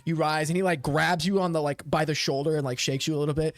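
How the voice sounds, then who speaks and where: A man's voice: on the high side, steady tone, fast talker, hardly any pauses, dry recording. A man narrating a tabletop game as game master, rambling with many fillers and self-corrections.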